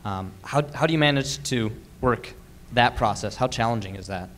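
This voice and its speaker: A man's voice: medium pitch, moderate pace, a bit bright. A man in the audience earnestly asking a panel a question, with many fillers. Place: convention panel room.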